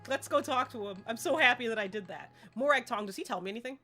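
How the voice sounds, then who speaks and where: Woman, casual gaming stream chat, bright tone, slightly high voice, rambling, faint music. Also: expressive, fast talker. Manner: chatty, rambling, laughs often.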